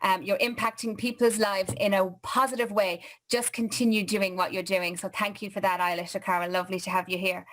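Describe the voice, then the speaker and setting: A woman's voice: mid-range voice, flat delivery, brisk, hardly any pauses, a bit bright. A woman hosting a live online chat show, reading viewer comments in a chatty, upbeat way over a video call. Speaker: host.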